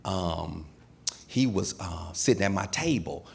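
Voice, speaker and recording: With a low, gravelly, husky voice and a slightly slow pace, a middle-aged comedian works a live stage. His routine is animated storytelling, complete with impressions of the people he quotes.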